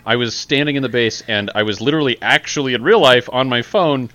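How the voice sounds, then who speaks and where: A man co-hosting a casual podcast, telling stories in an animated way and laughing often. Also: mid-range voice, quick pace, lo-fi sound, slight background noise. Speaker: podcast co-host. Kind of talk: casual chat.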